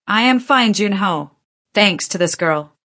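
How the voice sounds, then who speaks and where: A woman voicing a dignified seventy-year-old mother who speaks calmly, steadily and firmly. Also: mid-range voice. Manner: calm, measured, firm.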